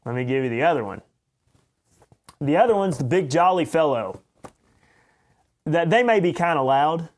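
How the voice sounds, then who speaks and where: Here a man hosts a podcast with pointed, opinionated commentary, carefully enunciated and tinged with a light Oklahoma accent. He sounds animated, his pitch slightly high, speaking at a normal pace but pausing often in this monologue.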